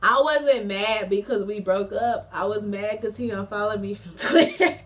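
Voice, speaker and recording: A young woman in her twenties chats through a breakup story in a loose, slangy storytime style. Her voice sits at a middle pitch and comes from a little way off the mic. She fills her talk with "like" and "um" and laughs between lines. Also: moderate pace, hardly any pauses, distant mic. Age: 20s. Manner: chatty, slangy, frequent fillers; animated, laughs mid-story. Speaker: college student vlogger. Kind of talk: casual storytime chat.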